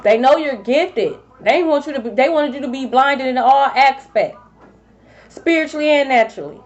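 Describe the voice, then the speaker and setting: A woman with a high voice gives a collective tarot reading at a moderate pace on a dull, lo-fi recording. She's blunt and profane, repeating her points for emphasis.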